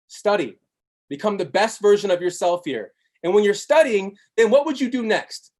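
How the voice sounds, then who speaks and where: A man giving an energetic motivational sales pitch on a live webinar, chanting repeated slogans with big swings in pitch. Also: moderate pace. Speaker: network marketing presenter.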